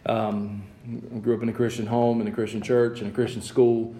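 A man's voice: mid-range voice, level tone, moderate pace, dark tone. A man in his thirties preaching a sermon in a church sanctuary, chatty with joking asides, building to emphatic passages. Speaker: pastor. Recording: echoey church room.

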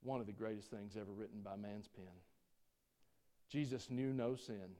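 A man preaching a sermon, folksy and joking with the congregation, swinging between loud preaching and quiet asides. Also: on the low side, moderate pace. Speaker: pastor.

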